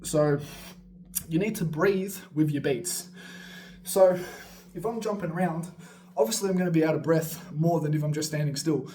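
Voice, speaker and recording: Speaking at normal speed with long pauses, a man with a slightly high voice coaches beatboxers over a faint hiss or hum. His energetic, rambling style is full of swearing and laughing asides, and he sometimes moves around while talking.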